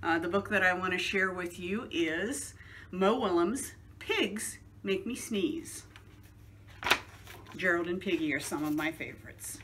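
Woman children's librarian, storybook reading, bright voice, slow and lively. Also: fairly low pitch, slight background noise.

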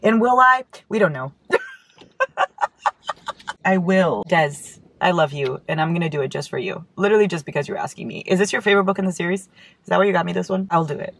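A woman's voice: on the low side, expressive, fairly quick, creaky, slight background noise. A young woman book vlogger chatting casually while opening fan mail, gushing, giggly and swearing freely. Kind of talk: casual chat.

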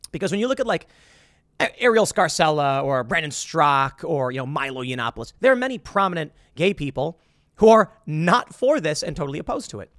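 A man's voice: sits high, no room sound, studio quality. A man hosting a political commentary show, talking in a monologue and acting out quoted voices. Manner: animated, acts out quoted voices. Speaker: host.

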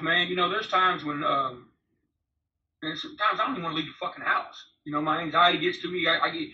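A man in his forties talks bluntly and rambles through his story, swearing freely in a very bright, forceful voice. He sounds distant and roomy, as if heard over a video call. The sound is a little dull. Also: a little high. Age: 40s. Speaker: interview guest, former prisoner. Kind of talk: candid storytelling interview. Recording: roomy, distant, slightly dull remote audio.

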